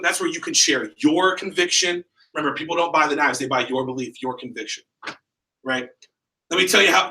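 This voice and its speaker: The sales trainer here has a slightly high, bright and forceful voice, and he keeps the session lively by quizzing the group. The seminar takes place in a training room, where the echo and far-off mic color the sound.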